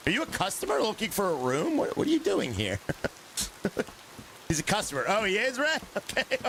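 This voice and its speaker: Animated man streaming a game. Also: high-pitched, normal speed, gravelly, a little hiss or hum. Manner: joking, chats with viewers, groans at long dialogue. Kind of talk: casual live gaming commentary.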